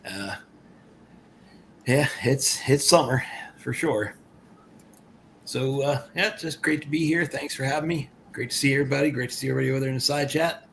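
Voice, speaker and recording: A tired man chatting quickly as a guest on a livestream, words running together. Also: medium pitch, creaky, fairly bright tone, a little hiss or hum. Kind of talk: casual livestream chat.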